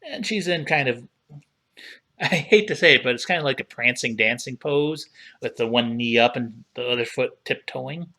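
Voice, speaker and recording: Browsing and reading items aloud, a livestream host who reviews collectible figures speaks in a mid-range voice. His manner is easygoing and casual, never rushed.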